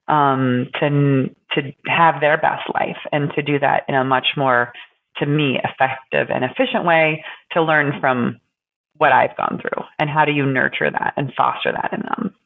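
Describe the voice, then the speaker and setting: A woman with a gravelly, fry-laden voice reflects slowly in a casual podcast chat. She stops and restarts often, filling gaps as she thinks. The sound is narrow and tinny, like a phone call. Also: deep voice, fairly even intonation. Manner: halting, thoughtful, many pauses and fillers. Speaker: podcast co-host.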